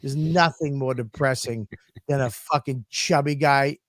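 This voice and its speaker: A man hosting a podcast, telling a story as a profane, animated rant. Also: mid-range voice, unhurried, dry recording, clean studio sound. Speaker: podcast host.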